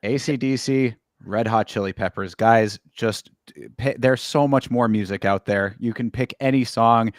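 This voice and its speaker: A man's voice: mid-range voice, no room sound, clean studio sound. A man hosting a casual sports talk show, easygoing and hedging as he weighs in and hands off to his co-host. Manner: easygoing, hedging, quick asides. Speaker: podcast host.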